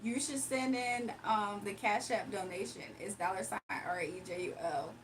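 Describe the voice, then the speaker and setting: A woman's voice: medium pitch, steady tone, moderate pace, a little hiss or hum. A woman hosting a casual livestream, reading chat comments aloud and laughing often. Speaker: livestream host.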